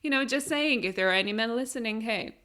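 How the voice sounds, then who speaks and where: A woman's voice: fairly high pitch, fast, bright, forceful tone. Chatty woman podcast co-host. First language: not English. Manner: chatty, upbeat, full of fillers like "you know" and "right?". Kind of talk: casual podcast conversation.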